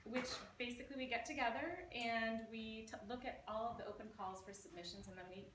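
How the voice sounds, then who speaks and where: A woman's voice: fairly high pitch, brisk. Scottish woman, press editor, casual and hesitant, echoey room, distant noisy recording. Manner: chatty and hesitant, lots of fillers. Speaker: press editor introducing a book. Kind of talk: casual speech and poetry reading at a book party. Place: bookstore event.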